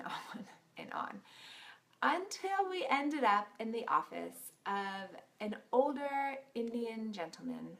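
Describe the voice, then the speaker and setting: Brief: chatty woman vlogger, gravelly fry in her voice, casual storytelling. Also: medium pitch, a bit bright. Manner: giggly, chatty, with frequent laughs.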